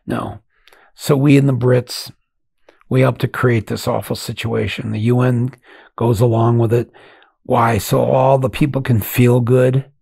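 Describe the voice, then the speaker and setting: Impassioned older man, gravelly and husky. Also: mid-range voice, steady tone, no echo, studio quality. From United States. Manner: impassioned, swinging from loud outbursts to hushed, halting reflection. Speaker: podcast host. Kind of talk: emotional monologue.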